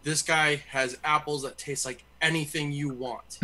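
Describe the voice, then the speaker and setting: A man spins a crude bar joke to friends in a casual panel chat. His voice is bright and forceful and sits a little high. He drives hard toward the punchline. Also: unhurried. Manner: crude, lively punchline delivery. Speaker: panel member.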